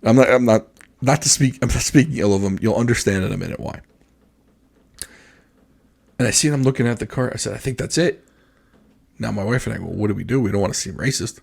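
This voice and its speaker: A man's voice: medium pitch, fairly quick, vocal fry, pauses often. A man co-hosting a podcast, telling a story in casual chat and acting out the quoted voices of others. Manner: animated, acts out quoted dialogue. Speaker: podcast co-host.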